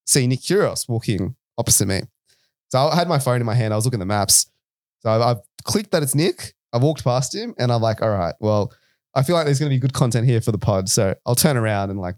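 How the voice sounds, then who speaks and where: A man's voice: medium pitch, expressive, brisk, darkish tone, dry recording, clean studio sound. An Australian man co-hosting a podcast, telling a rambling anecdote in casual chat, peppered with "right?" and "like". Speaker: podcast co-host.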